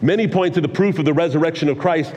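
A man in his forties preaching a sermon, telling a personal story with energetic, earnest, excitable delivery. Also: a little high, fast. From California. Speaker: pastor. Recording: long hall reverb.

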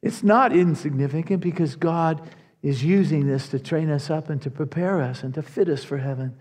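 Guy pastor giving a sermon, pretty high voice, lots of hall reverb. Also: normal speed. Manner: earnest, animated preaching with repeated restarts.

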